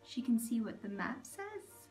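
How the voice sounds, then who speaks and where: A woman reading a picture book aloud to children, animated, doing animal noises and pointing out the pictures. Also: fairly high pitch, a little slow, soft background music. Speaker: storyteller.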